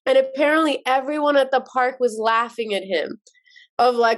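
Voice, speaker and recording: A woman in her forties from Iran, a podcast guest telling her childhood stories slowly and vividly. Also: high-pitched. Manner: slow, vivid storytelling. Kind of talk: storytelling interview.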